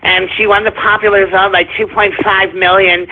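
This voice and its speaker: A man's voice: high voice, flat delivery, normal speed, noisy background. A man mimicking a smug, sneering liberal on a lo-fi line. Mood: mocking. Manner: mocking, sneering imitation.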